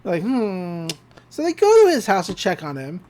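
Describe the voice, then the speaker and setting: A woman's voice: mid-range voice, fast. A woman co-hosting a podcast, chatting casually as she recaps a cartoon episode and acts out the characters' lines. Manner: animated retelling with acted-out quotes and laughs. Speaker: podcast co-host.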